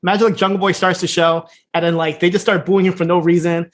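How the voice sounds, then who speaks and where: Fast-talking man recapping a show. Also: high voice. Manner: fast, animated retelling with laughs and acted-out quotes. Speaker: podcast co-host. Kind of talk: casual chat recapping a TV episode.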